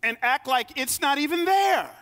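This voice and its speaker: Male pastor, lively storytelling sermon, high bright voice, reverberant sanctuary. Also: normal speed. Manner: lively storytelling preacher, acts out quoted voices. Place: church sanctuary. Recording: long reverb of a large hall.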